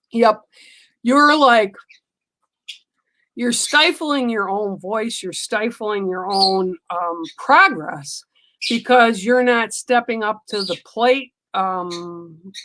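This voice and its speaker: A woman doing spiritual card readings on a livestream, talking slowly with many ums and pauses. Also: on the high side, fairly bright tone, no room sound, low-quality recording. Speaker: livestream psychic reader.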